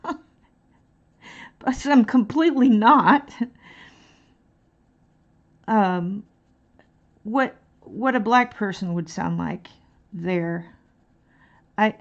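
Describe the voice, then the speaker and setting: A woman's voice: mid-range voice, highs cut off. A woman from Dallas with a mild Texan accent, chatting casually and hesitantly with many fillers while painting on a livestream. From Dallas, Texas. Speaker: livestreaming artist.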